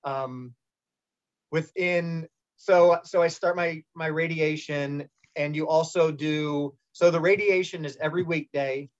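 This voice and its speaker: A middle-aged man candidly telling a personal story in a casual interview, rambling with restarts and acted-out quotes. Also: on the high side. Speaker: guest telling his cancer story. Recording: muffled lo-fi sound.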